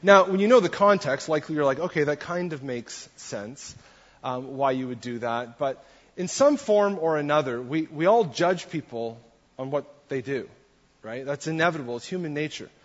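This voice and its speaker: A man's voice: a little high, lively intonation, normal speed. A man giving a conversational sermon as a pastor, putting questions to his congregation. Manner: conversational, asks the audience questions. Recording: dull long-reverb church hall.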